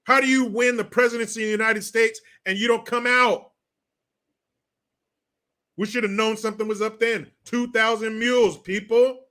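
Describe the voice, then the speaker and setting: A man's voice: very high-pitched, steady tone, moderate pace, bright, forceful tone. A man hosting a livestream, ranting about politics in blunt, profane, mocking talk and reading viewer comments. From California. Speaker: livestream host reading chat. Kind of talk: casual political rant.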